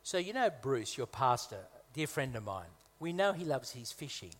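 A man's voice: medium pitch, very animated, moderate pace. A man from Malta preaches as a guest speaker, his sermon conversational and broken up with humorous asides. He leans on emphatic repetition to drive points home, in a mid-range voice. The sound carries a long reverb from a large church hall.

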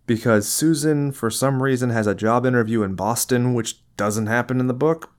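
A man's voice: mid-range voice, steady tone, normal speed. A man co-hosting a casual podcast about a film, joking sarcastically and acting out lines in voices. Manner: sarcastic, jokey, acts out quotes in voices. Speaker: podcast co-host.

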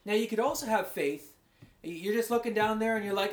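A man giving a conversational, rambling sermon as a pastor, his voice going a bit hoarse. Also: high-pitched, brisk, roomy sound. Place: large room, speaking to a congregation far away.

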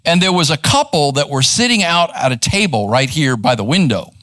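A middle-aged man, a pastor teaching live in church, conversational and animated as he tells a story. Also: a little high, a little fast, no room sound. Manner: animated, conversational, acts out quoted voices. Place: church sanctuary.

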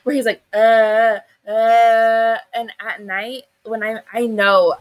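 A woman's voice: mid-range voice, steady tone, normal speed, a bit bright, no echo, poor audio. A young adult woman co-hosting a podcast, chatting casually about her kids. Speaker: podcast co-host. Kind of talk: casual chat.

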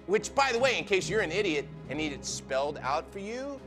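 A man's voice: high-pitched, big pitch swings, fairly quick. An actor playing a furious young woman sorority officer who rants and swears in a dramatic reading over music. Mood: ranting. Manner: profane, seething, building to screaming. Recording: loud music under the voice.

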